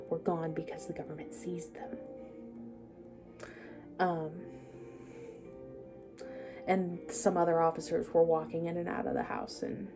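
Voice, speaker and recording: Speaking to the camera, a young woman tells her own life story in a halting, hesitant way, pausing often and sometimes dropping to a near-whisper. Her voice sits on the low side.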